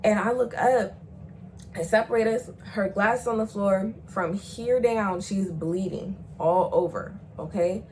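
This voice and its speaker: A young woman, telling a profane storytime in casual chat and jumping into loud, high acted quotes. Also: measured pace, slight background noise, poor audio. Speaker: storyteller vlogger.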